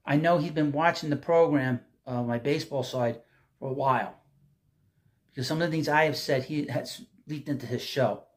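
A man's voice: on the high side, normal speed. A man hosting his own sports talk show, reading news items and ranting about them bluntly, with some profanity.

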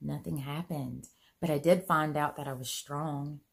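A woman vlogger telling a personal story in a casual, earnest way, full of "you know" fillers, her voice jumping higher when she gets excited. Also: measured pace, creaky. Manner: chatty, earnest, pitch swings high when excited; many "you know" fillers, folksy grammar.

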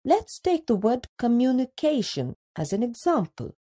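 A woman narrating a scripted lesson for children, slow and deliberate, drawing out each word. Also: a little high, sing-song, warm tone. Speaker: teacher.

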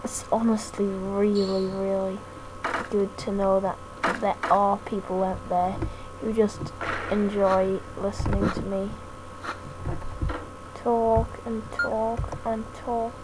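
A woman's voice: mid-range voice, little pitch movement, slow. A woman giving a hesitant, self-deprecating, rambling thank-you talk as a gaming YouTuber. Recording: noisy home mic recording.

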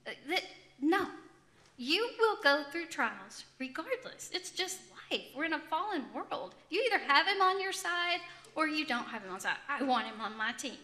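A woman giving a lively testimony talk to a group as a ministry speaker, often laughing as she tells it. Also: high voice, moderate pace. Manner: animated, laughing storyteller.

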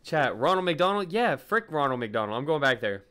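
A young man streaming a horror game, chatting with viewers in slang and yelping and shouting at every scare. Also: on the high side, moderate pace, heavy background noise. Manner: excitable, yelps and shouts at scares. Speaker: gaming streamer. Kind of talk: live gameplay commentary to chat.

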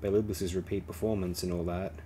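A man's voice: low-pitched, a little fast, a little hiss or hum, natural voice. A man reading as a patient, shrewd smuggler. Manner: calm, reasonable tone.

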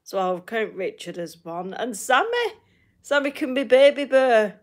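A woman's voice: a little high, very animated, measured pace. A woman from the north of England with a Northern English accent, chatting casually with viewers on a livestream, laughing often and repeating herself. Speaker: livestream host.

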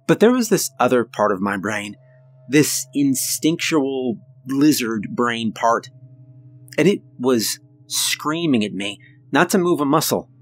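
A man narrating a scripted horror story in the first person, with measured, suspenseful delivery and dramatic pauses. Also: mid-range voice, big pitch swings.

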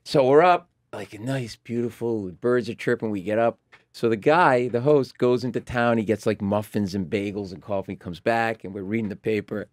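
A man appearing as a guest comedian, telling lively, profane anecdotes and acting out the voices of others in a radio chat. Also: fairly low pitch, normal speed, dry recording, clean studio sound. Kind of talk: animated storytelling on a talk show.

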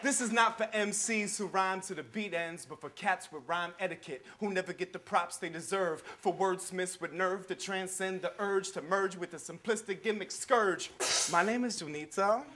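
A man's voice: high-pitched, moderate pace, hardly any pauses. Earnest man reciting spoken-word poetry. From New York. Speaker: hip hop performer and poet. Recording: live show with loud music.

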